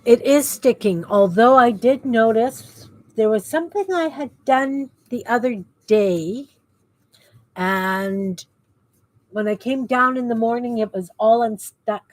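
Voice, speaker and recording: Slow and a little mellow, a woman with a voice on the high side hosts a crafting stream from her home basement. She's middle-aged, chats casually with viewers, and mumbles to herself as she works.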